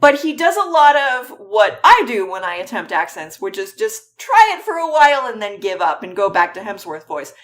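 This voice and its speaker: A woman hosting a podcast, recapping a film in a wry, animated way. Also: mid-range voice, moderate pace, hardly any pauses. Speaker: podcast host. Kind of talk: casual chat recapping a film.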